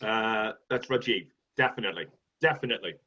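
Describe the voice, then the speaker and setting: A man's voice: lowish voice, brisk, sharp tone. A man on a comedy quiz panel, joking in a playful, mock-earnest way, on a dull lo-fi recording. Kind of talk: comedy panel podcast chat. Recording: dull lo-fi sound.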